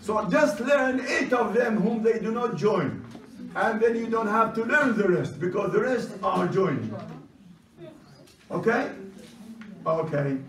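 A man teaching a language class, brisk and commanding, who repeats his instructions. His first language is Chaldean Aramaic. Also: high voice, a little hiss or hum. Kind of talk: classroom lecture. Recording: roomy, distant classroom recording.

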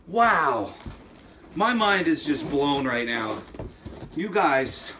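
A man hosting an unboxing vlog, exclaiming loudly over fan mail and swinging between shouts and muttered asides. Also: fairly high pitch, sing-song, extremely slow, heavy background noise.

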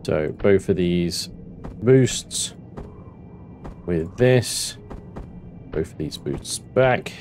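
A man narrating his own gameplay, excitable and talking to himself, swearing now and then. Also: deep voice, drawn-out words, long pauses, faint music behind. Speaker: gameplay commentator. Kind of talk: let's play commentary.

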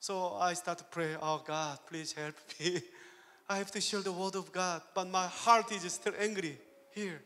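A man's voice: high-pitched, steady tone, normal speed, sharp tone. A man with a Korean accent, speaking English as a second language, preaches as a guest pastor, telling a personal story, acting out his own quoted lines and laughing often. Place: church hall. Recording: long church hall reverb.

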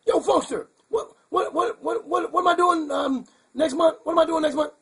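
A man doing a raspy, goofy bird puppet. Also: sits high, very animated, brisk, a bit bright, exaggerated voice. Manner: rambling, muddled, chuckling. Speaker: hand puppet co-host. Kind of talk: puppet comedy show.

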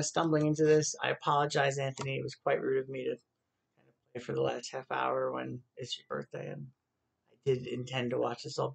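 A man talking casually after playing guitar at home in his city apartment, rambling quickly and quietly with lots of fillers. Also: a little high, vocal fry. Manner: rambling, quick, soft-spoken talk with fillers. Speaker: singer-songwriter and YouTuber. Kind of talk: casual spoken aside after a guitar performance.

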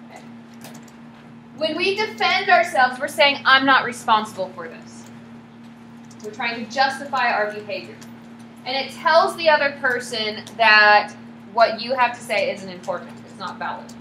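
Female lecturer, higher voice, questions her class often; echoey classroom, hum behind. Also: moderate pace. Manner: lively, asks the class questions. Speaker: psychology lecturer. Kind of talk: classroom lecture with acted examples.

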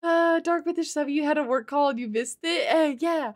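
A woman streamer giving excitable live commentary while playing a game, gasping often and swearing freely. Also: high-pitched, moderate pace.

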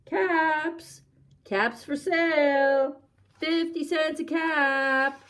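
Storybook peddler man, read by a woman, cross and loud, slightly high. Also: very slow, full character voice. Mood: calling out. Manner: scolding, raising his voice. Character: frustrated grown man, a cap peddler.

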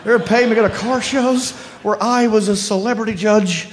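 A man telling an animated stand-up story, laughing through his lines. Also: high-pitched, fairly quick, in a large hall. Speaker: stand-up comedian. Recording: live stand-up with audience noise. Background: audience laughter.

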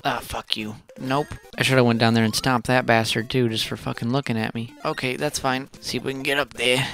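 A man's voice: mid-range voice, fairly even intonation, brisk, few pauses, fairly bright tone, faint music behind. A man casually commenting on his own gameplay, muttering and swearing in frustration with sudden outbursts. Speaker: gaming channel host.

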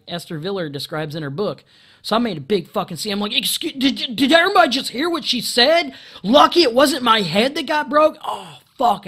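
A man delivering an angry, profane monologue rant into a camera, stumbling over restarts and often clearing his throat, with loud outbursts. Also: high voice. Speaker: video commentator.

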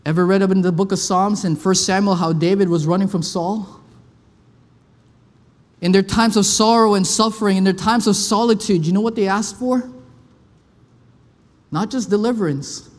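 High-voiced passionate male preacher in a reverberant church. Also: normal speed, pauses often. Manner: passionate, rises loud and high when pleading, drops soft and low for comfort. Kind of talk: sermon. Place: church sanctuary.

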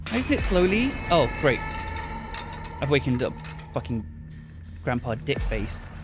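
A man giving excited commentary on a horror game while playing, swearing often and switching between low mutters and sudden yells. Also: normal speed, over music. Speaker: gaming video creator. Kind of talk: gameplay commentary. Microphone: gaming headset.

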